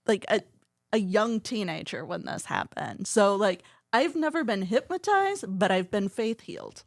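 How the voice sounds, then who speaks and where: A woman's voice: medium pitch, sing-song, measured pace, dry recording, studio quality. A woman guest on a podcast, a paranormal investigator, telling stories casually with lots of "like" and teasing asides. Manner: chatty, filler-heavy, teasing. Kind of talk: casual storytelling.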